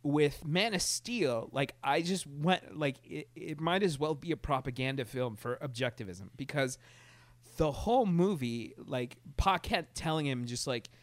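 A man in casual chat, animated and rambling, with many restarts and laughs. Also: on the high side, measured pace, dry recording.

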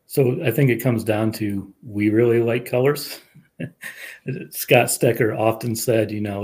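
Fish biologist guy, lowish voice, walks through the science calm and steady. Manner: measured, explanatory. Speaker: fisheries administrator, guest. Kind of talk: casual chat.

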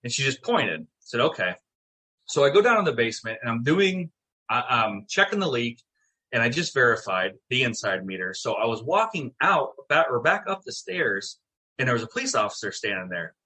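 A middle-aged man telling a story in casual chat, animated and swearing, acting out what people said. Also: medium pitch, normal speed, slightly rough. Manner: animated, swearing, acts out quotes. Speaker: guest, town mayor.

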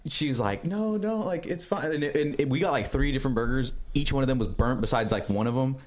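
A young man hosting a casual podcast, rattling through stories at a fast clip. He is animated, swears freely and acts out what other people said, with a medium-pitched voice. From Texas. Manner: animated storytelling, heavy swearing, acts out quotes. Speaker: podcast host.

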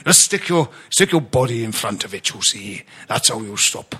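Mock Welsh footballer, lower and drawn-out, tagging lines with "you see", a podcast host putting it on. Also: male voice, expressive, sharp tone, husky, exaggerated voice. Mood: jokey. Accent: put-on Welsh. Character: mock Welsh footballer, man, plain-spoken.

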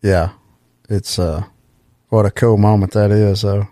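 Low-voiced man in relaxed chat. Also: measured pace, no room sound, clean studio sound. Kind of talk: casual chat.

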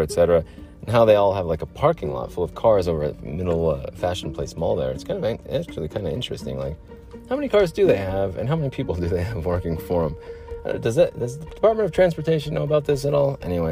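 Low-voiced man rambling with vocal fry. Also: warm tone. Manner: rambling, tangent-prone storytelling. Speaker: podcast host. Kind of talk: casual rambling monologue.

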